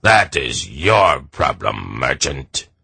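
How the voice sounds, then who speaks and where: Man doing a strutting army captain, belligerent, smug, very deep, slow. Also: big pitch swings, creaky, bright, forceful tone, husky, no room sound, exaggerated voice. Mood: suspicious. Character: short strutting suspicious male army captain.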